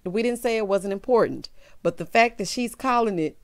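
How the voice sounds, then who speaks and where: A woman recapping a reality show in sassy, animated commentary, laughing loudly and calling her viewers honey and child. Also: mid-range voice, normal speed.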